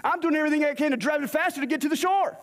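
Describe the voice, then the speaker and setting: With a very high voice and rapid-fire delivery, a man preaches in a church sanctuary, the recording carrying long hall reverb and a little hiss or hum. He tells a scripture story as a sermon, acting out the characters' dialogue.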